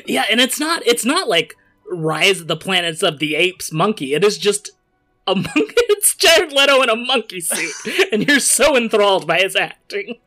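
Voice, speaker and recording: Bright, laughing game master narrator. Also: mid-range voice, sing-song, faint music behind. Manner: laughs often while narrating, quick asides. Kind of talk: improvised comedy narration.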